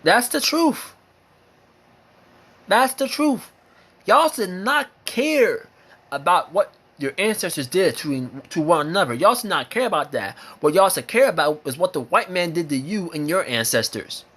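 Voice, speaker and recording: A man's voice: high-pitched, big pitch swings, a little slow, a bit bright, slightly rough. An American man delivering an impassioned opinion monologue, emphatic and repetitive, hammering his points with repeated phrases and swearing. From United States. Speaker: vlogger sharing opinions.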